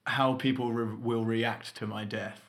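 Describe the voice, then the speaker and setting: A man's voice: medium pitch, flat delivery, unhurried. A man co-hosting a podcast, in casual, jokey banter with frequent laughter. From United Kingdom. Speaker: podcast co-host. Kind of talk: casual chat.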